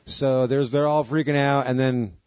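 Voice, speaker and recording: A man's voice: mid-range voice, steady tone, moderate pace, darkish tone, dry recording. A man co-hosting a podcast, telling stories casually and animatedly, swearing and acting out the people in them. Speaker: podcast co-host. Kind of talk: casual storytelling chat.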